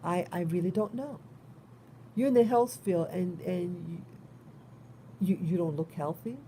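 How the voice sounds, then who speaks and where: Vlogger: New woman, warm, mellow voice, concerned, rambling delivery with frequent restarts. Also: lowish voice, unhurried, a little hiss or hum. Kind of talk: casual spoken monologue.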